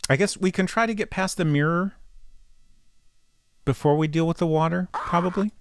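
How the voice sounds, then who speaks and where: A man's voice: fairly high pitch, moderate pace, vocal fry, clean tone, dry recording. A man streaming a text adventure game, chatting casually and thinking aloud as he plays. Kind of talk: casual live-stream commentary.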